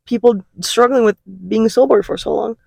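A woman's voice: a little high, normal speed, vocal fry, a little mellow, no echo, clean studio sound. A woman co-hosting a podcast in casual chat, playful and teasing, laughing often. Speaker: podcast co-host.

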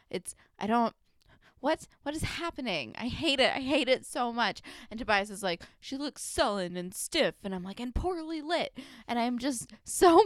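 A woman's voice: medium pitch, fairly bright tone, clear, resonant tone, no room sound. Woman podcast co-host, exasperated and wordy, dry close sound. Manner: exasperated ranting, lots of fillers. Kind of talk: casual recap chat.

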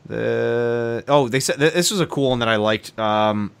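A man's voice: mid-range voice, measured pace, gravelly, smooth. A man co-hosting a casual gaming podcast, reading news notes aloud with frequent laughs and ums. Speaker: podcast co-host.

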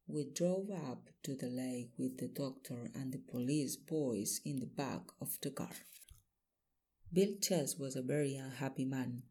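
Guy reading a detective story aloud, slow, husky, kinda dark mellow voice. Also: mid-range voice. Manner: measured, plain reading of a simplified novel. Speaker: audiobook narrator. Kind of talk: first-person story narration.

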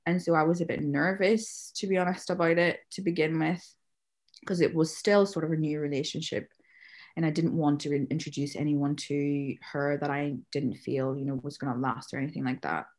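A woman with a low, darkish voice speaks a little fast with a flat delivery. In casual chat, she's a mother recounting a story about her daughter, acting out what was said and laughing a lot.

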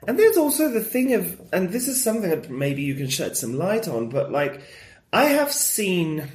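Lively higher-voiced man, playful. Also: normal speed. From Mexico. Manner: playful, jokey. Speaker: podcast co-host. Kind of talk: casual chat. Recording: roomy echo.

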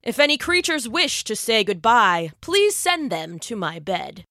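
A woman doing a crafty old lion king, croaking feebly. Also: on the high side, big pitch swings, a little slow, sharp tone, no room sound, clean studio sound, exaggerated voice. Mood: feigning weakness.

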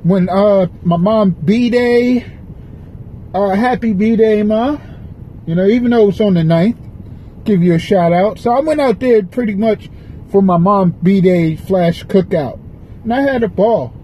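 Profane high-voiced man venting in a car. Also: unhurried, dark tone, highs cut off, slight background noise. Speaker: podcast host. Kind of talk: rambling solo podcast. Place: parked car in a parking lot.

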